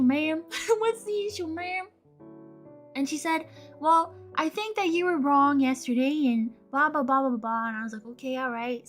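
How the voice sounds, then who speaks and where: Young woman, casual chat, animated, laughing often, high voice, bright tone. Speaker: streamer.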